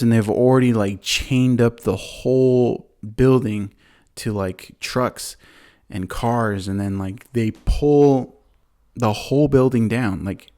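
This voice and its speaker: Male podcast host with a lowish voice who recaps films in a loose, filler-heavy ramble. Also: a little mellow. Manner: rambling, many fillers, acts out quotes. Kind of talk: casual movie recap.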